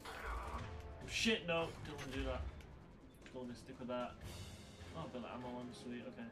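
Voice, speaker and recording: Mid-range in pitch and moderate in pace, a young man offers casual, meandering gameplay commentary for YouTube. He sounds weary and swears when the game turns against him, with loud game music and sound effects behind his voice.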